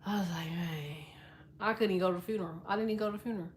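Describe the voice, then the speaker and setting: A woman's voice: medium pitch, very fast, slight background noise. Blunt, foul-mouthed woman telling a story. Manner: profane, blunt, swears constantly; lively storyteller, quietens when telling sad parts. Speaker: astrology content creator. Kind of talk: casual storytelling monologue.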